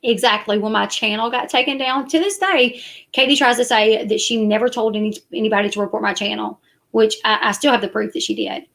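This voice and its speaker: A woman's voice: a little high, fairly even intonation, fairly quick, creaky, fairly bright tone. A woman, chatting casually and defensively to her live stream viewers. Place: parked car at night.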